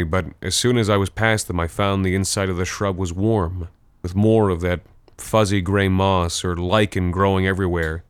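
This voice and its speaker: A man narrating a first-person horror story in a measured, tense way. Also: deep voice, clear, resonant tone, no room sound.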